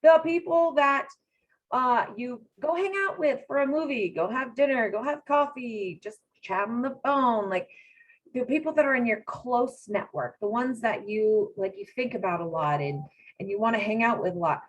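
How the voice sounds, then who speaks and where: A woman's voice: fairly high pitch, normal speed, low-quality recording. A woman giving a motivational talk, coaching her audience directly with energy. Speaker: co-host presenter.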